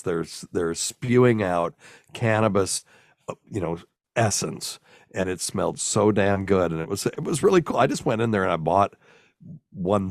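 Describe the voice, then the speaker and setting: A man's voice: low voice, no room sound, studio quality. A man in his sixties from the American South, raised near Chicago, telling candid stories as an interview guest with a trained broadcaster's delivery. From US South, raised in Chicago area until sixth grade. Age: 60s. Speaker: guest, physician and former broadcaster. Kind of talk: casual interview chat, storytelling.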